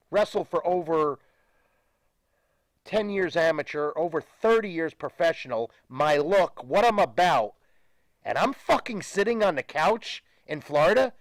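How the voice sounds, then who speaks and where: Older man, profane emphatic rant, lively swinging pitch, dry studio sound. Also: no room sound. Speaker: guest, retired pro wrestler. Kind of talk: animated studio interview.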